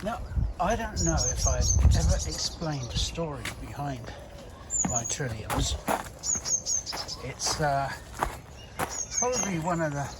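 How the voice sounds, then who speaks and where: A man's voice: fairly high pitch, lively intonation, slow, long pauses, heavy background noise. A man in his sixties from Britain, a gardener talking casually in his own garden vlog, rambling and hesitant with lots of restarts and side stories. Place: outdoors in a garden.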